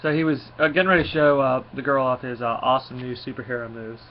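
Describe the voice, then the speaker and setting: A man's voice: medium pitch, fairly even intonation, quick pace. A man giving a casual spoken review, rambling along with frequent fillers and restarts. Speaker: comic book reviewer. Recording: slightly dull lo-fi recording with faint noise.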